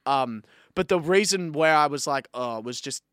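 A man's voice: on the high side, lively intonation, normal speed, fairly bright tone, clean tone, dry recording, clean studio sound. A young man, co-hosting a podcast and ranting angrily with lots of swearing. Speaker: podcast co-host.

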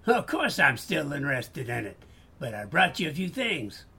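A man's voice: big pitch swings, moderate pace, sharp tone, breathy edge, full character voice. A man with a Boston accent playing an upbeat customer trying to sell a clock. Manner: salesy, upbeat pitching. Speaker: customer selling items.

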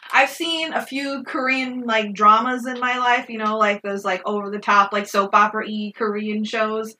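A woman co-hosting a casual film review podcast, animated and swearing freely. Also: fairly high pitch, far from the mic. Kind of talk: casual chat.

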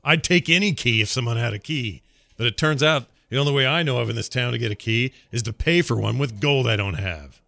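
A man's voice: mid-range voice, a little fast, gravelly, sharp tone, no room sound. A man playing a tabletop game in character, hesitant and self-mocking, stumbling over his words. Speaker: player.

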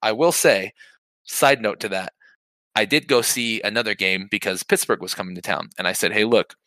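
Profane, animated man telling stories. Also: on the low side, fairly quick, no room sound. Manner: profane, animated, shouts when reenacting. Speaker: podcast co-host. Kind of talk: casual storytelling chat.

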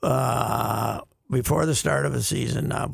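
A man's voice: mid-range voice, measured pace, gravelly, slightly rough. A man co-hosting casual sports radio chat, rambling with restarts and frequent laughs.

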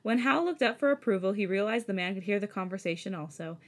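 A woman's voice: medium pitch, lively intonation, quick pace. Giggly woman reading fan fiction aloud. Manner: chatty, giggly asides. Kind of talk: casual story reading.

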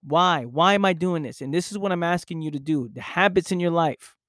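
A man's voice: on the high side, a little fast, fairly bright tone, no room sound, studio quality. A young man speaking in an intense motivational monologue, acting out his own past inner voice.

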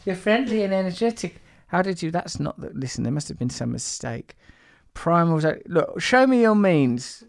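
A man's voice: high-pitched, sing-song, moderate pace, creaky, hardly any pauses, dry recording. A man hosting a podcast in loose, rambling chat, teasing his co-host and laughing often. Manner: playful, teasing, breaks into laughter.

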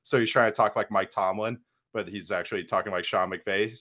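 A man appearing as a guest analyst on a sports podcast, chatting casually, quick and joking with frequent laughter. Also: on the low side, fairly even intonation, a bit bright.

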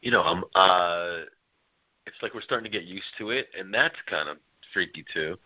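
A man's voice: sits low, moderate pace, no room sound, highs cut off. A man chatting casually as a podcast guest, rambling and laughing as he tells family stories. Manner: rambling, laughing, lively storyteller. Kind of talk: casual chat.

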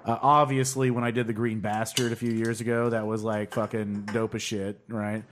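A man hosting a podcast, rambling in a relaxed, casual way and steering the talk. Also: fairly low pitch, moderate pace, slight background noise. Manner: rambling, laid-back, steering the show. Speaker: podcast host. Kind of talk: casual chat.

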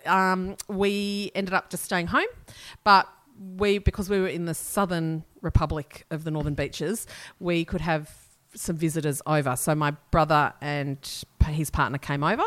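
Rambling Australian woman, bright voice. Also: sits low, flat delivery, moderate pace. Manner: rambling storyteller, laughs often. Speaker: podcast co-host. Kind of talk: casual chat.

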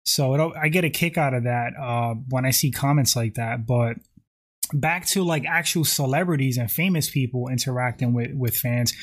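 A man hosting a casual livestream, reading viewer comments aloud and answering them. He rambles, leans on "like" and "you know" a lot, and keeps clearing his throat. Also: mid-range voice, moderate pace. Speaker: YouTube livestream host.

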